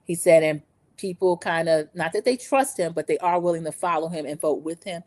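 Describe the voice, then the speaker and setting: A woman's voice: on the low side, brisk, darkish tone, no echo. A middle-aged woman hosting a casual opinion recap, chatty and opinionated, talking straight to her viewers. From lived in the American South over twenty years. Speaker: recap host.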